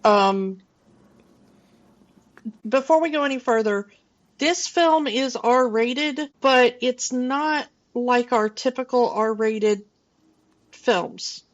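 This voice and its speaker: A woman's voice: on the high side, drawn-out words, pauses often, muffled recording. A woman in her forties, co-hosting a casual film podcast and rambling loosely with plenty of fillers and restarts. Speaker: podcast co-host.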